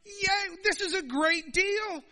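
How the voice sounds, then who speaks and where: A man in a sermon playing a foolish young man who gushes in a giddy, high voice. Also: slow pace, bright, forceful tone, exaggerated voice. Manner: giddy, high-pitched, gushing.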